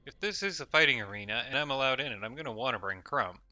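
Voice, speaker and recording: Bright-voiced man narrating gameplay. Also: mid-range voice, lively intonation, fast talker, no room sound, highs cut off. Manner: casual, reads game text aloud, self-directed chatter. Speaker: let's play host. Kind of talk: gameplay commentary.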